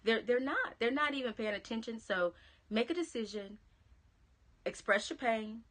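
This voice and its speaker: Bright-voiced Southern woman coaching. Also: a little high, lively intonation, moderate pace. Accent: Southern American. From American South. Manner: encouraging, chatty, reads out viewer comments; drops to a soft whisper on key phrases. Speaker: motivational speaker. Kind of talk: live-stream pep talk. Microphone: phone or webcam live stream.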